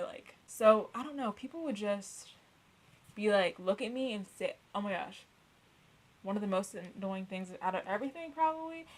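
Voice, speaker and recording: Over a rough recording, a young podcast co-host with a medium-pitched voice chats casually, rambling bluntly, cursing frequently and leaning on "like" as filler.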